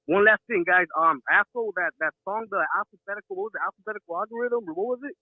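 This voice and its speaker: A man calling in to a radio show, chatting excitedly in slang and mixing in Spanish words. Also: high-pitched, quick pace, vocal fry, no room sound. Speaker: caller. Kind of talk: casual phone-in chat. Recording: tinny phone line.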